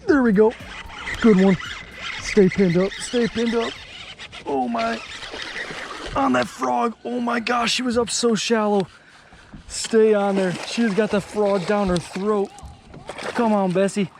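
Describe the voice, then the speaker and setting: A man in his twenties chatting casually while fishing from a boat outdoors, getting excited whenever a fish bites. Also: high voice, unhurried, long pauses, background noise. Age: 20s. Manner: excitable, chatty, exclaims at every catch. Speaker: fishing vlogger. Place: outdoors on a bass boat on a lake.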